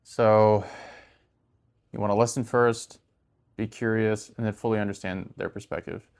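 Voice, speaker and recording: A soft-spoken man with a fairly low voice talks casually to the camera and gives relationship advice. He keeps a calm, gentle delivery and often lets his lines fade to a near murmur at the end. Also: normal speed, vocal fry, clear, resonant tone. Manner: laughs and raises his voice when mimicking an argument.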